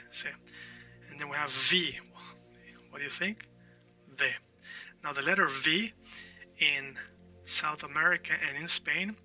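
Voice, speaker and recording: Male language teacher, bright and forceful tone, a little off-mic with faint music behind; drills sounds, checks in often. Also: on the high side, far from the mic, rough recording. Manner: explains with repeated letter sounds and "all right?" checks. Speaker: Spanish teacher. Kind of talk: language lesson.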